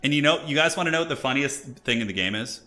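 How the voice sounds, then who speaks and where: Lively bright-voiced male streamer. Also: mid-range voice, fast talker. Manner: excitable, joking, laughs often, chats to viewers. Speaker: streamer hosting multiplayer matches. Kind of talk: casual live-stream commentary.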